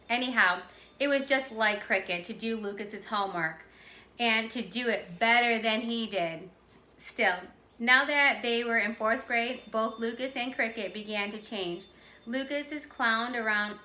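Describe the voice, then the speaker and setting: A woman teacher reading a children's chapter book aloud with clear, expressive storytelling. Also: fairly high pitch, echoey room. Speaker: teacher reading to her class.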